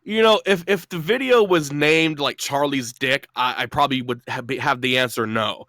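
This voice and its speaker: A man's voice: mid-range voice, moderate pace, bright, forceful tone, no room sound. A man appearing as a guest, telling a rambling, profane story in a casual call-in chat.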